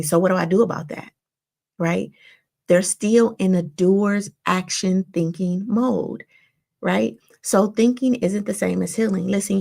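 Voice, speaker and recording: A woman's voice: mid-range voice, creaky, a little mellow. A woman therapist hosting a self-help podcast, coaching listeners and often checking in with "right?" and "all right?". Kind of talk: motivational self-help talk.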